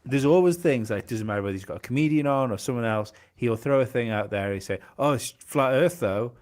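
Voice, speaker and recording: A man's voice: mid-range voice, quick pace, darkish tone. A man co-hosting a podcast in casual chat, hesitant and often restarting his sentences. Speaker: podcast co-host.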